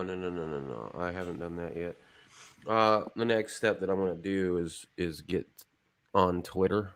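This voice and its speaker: A man's voice: low voice, creaky. A man co-hosting a casual livestream, easygoing and agreeable, laughing along.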